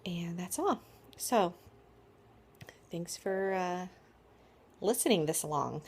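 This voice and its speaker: A woman's voice: lowish voice, lively intonation, takes it slowly, breathy edge. A tired woman in her thirties casually telling a birth story to camera, rambling with lots of likes and ums. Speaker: vlogger.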